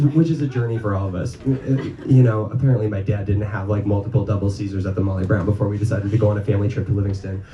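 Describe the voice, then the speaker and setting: A man from North Dakota telling a story live to an audience, casual and rambling, full of ums and swearing. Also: fairly high pitch. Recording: echoey live room from far off, noisy.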